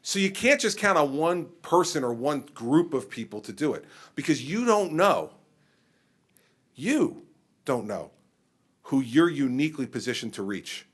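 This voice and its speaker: A middle-aged man who is a governor, answering a question at a public forum in an animated, conversational way. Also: on the high side, unhurried. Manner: animated, conversational, acts out exchanges with people.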